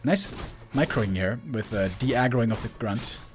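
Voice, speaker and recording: A man commentating a strategy game match solo, chatty and excitable, laughing often and rambling off-topic. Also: mid-range voice, a little slow. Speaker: esports caster.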